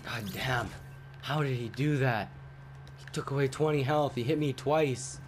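A man giving casual gameplay commentary, rambling and swearing, with sudden loud outbursts. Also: mid-range voice, a little slow, background noise. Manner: profane, rambling, jumpy outbursts. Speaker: gaming YouTuber.

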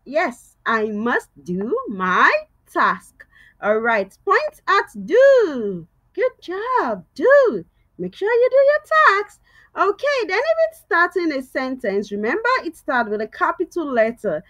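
Bright, lively woman teaching young kids. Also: sits high, slow. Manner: sing-song, coaxing, repeats words loudly for kids to echo. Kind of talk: children's reading lesson.

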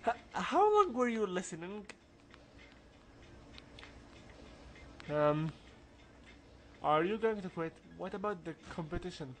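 A man's voice: sits high, lively intonation, normal speed, fairly bright tone, slight background noise. A man reading game dialogue aloud, voicing an anxious teenage schoolboy in a put-on accent and stumbling over the lines. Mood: flustered.

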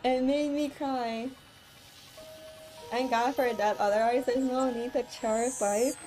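A woman's voice: a little high, fairly even intonation, unhurried, mellow. A woman streamer commenting live on a game playthrough, teary after crying and rambling through emotional reactions to the story. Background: game music.

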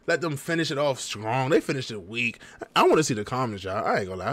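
A man's voice: medium pitch, big pitch swings, a little fast, bright, forceful tone, dry recording. A young man casually reacting to a rap video and ranking the verses, talking straight to his viewers in loose slang. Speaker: music reaction vlogger.

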